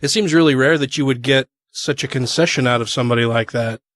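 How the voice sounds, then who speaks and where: A man's voice: mid-range voice, fast talker, fairly bright tone, no room sound. A man hosting a podcast, responding to his guest's story with agreement and laughter. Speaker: podcast host. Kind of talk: casual podcast interview.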